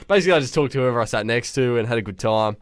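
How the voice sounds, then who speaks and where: A man's voice: medium pitch, rapid-fire, no room sound, clean studio sound. A young man co-hosting a podcast, telling school stories in casual chat and acting out the people he quotes. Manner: animated storyteller acting out quotes. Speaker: podcast co-host.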